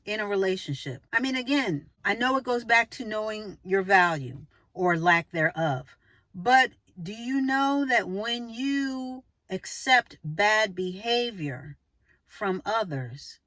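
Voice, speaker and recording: A woman's voice: lively intonation, slow pace, fairly bright tone, no room sound. A woman giving relationship advice in a casual monologue to camera, emphatic and preachy, full of rhetorical questions. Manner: acts out short quoted lines with exaggerated pitch jumps.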